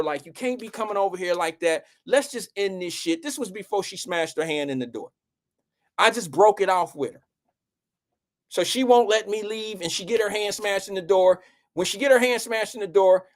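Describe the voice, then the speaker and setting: A young man, telling a personal story to his audience as a show host and acting out the quotes. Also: high voice. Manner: animated, acts out quotes with raised voice.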